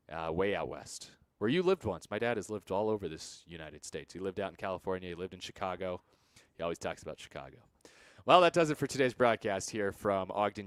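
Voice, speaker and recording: A young man calling baseball on radio, reading scores in a lively way with quick quips. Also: on the low side, dry recording. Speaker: play-by-play radio announcer. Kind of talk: radio sports wrap-up.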